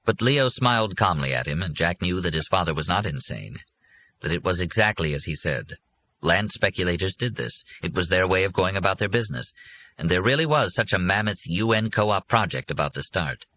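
Deep raspy guy reading an audiobook, lots of up and down in his voice, dull lo-fi sound. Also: fairly quick, a little hiss or hum. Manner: steady storytelling. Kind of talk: audiobook narration. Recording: muffled lo-fi recording.

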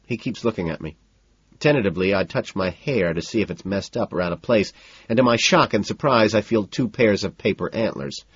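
Low husky guy reading an audiobook deadpan, dry dull lo-fi sound. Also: fairly quick, no room sound. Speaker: audiobook narrator. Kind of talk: first-person audiobook narration.

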